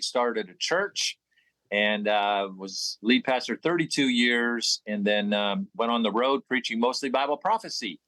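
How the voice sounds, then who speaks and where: A man's voice: medium pitch, pushed and bright, no room sound, poor audio. A man in his seventies, a preacher, speaking in short clipped phrases on a casual podcast. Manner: clipped, list-like self-introduction. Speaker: pastor.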